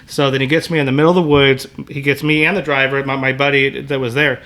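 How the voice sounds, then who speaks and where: A man's voice: medium pitch, little pitch movement, fast, pushed and bright. A man who is a podcast guest, telling hunting stories in a rambling, casual way that is full of filler words. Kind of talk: casual storytelling.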